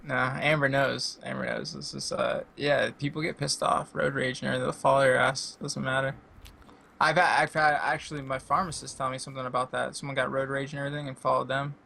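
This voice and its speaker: A man's voice: medium pitch, flat delivery, brisk, creaky, sharp tone, a little hiss or hum. A man on a podcast call, chatting casually in a loose, rambling way and swearing freely. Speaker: podcast co-host. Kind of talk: casual chat over a call. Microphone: headset or desk mic on a video call.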